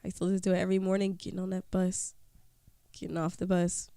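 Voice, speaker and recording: A co-host with a smooth, clear voice chats on a podcast, picking words with care. The sound is dry and close. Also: medium pitch, monotone, warm tone, dry recording. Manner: measured, careful about wording. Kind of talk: casual chat.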